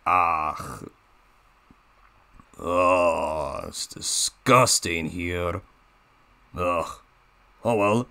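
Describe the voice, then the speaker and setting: A man voicing a scheming villainous male diesel engine with a put-on Russian accent, slow, gravelly and menacing. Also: low voice, bright, forceful tone, voice pushed down, full character voice. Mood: defeated gloomy.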